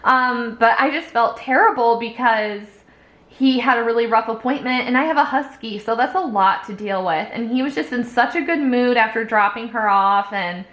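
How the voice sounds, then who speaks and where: A woman's voice: a little high, normal speed, a bit bright, lo-fi sound. A young woman giving a casual tarot reading, talking in a rambling, upbeat way full of fillers. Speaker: tarot reader. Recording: echoey room.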